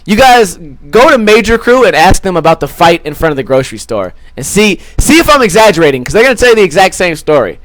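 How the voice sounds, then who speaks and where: A man's voice: sits high, big pitch swings, fast, few pauses, fairly bright tone, no room sound. A young man hosting a podcast, telling a rambling, crude story full of swearing and acted-out quotes. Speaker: podcast host. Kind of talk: casual storytelling.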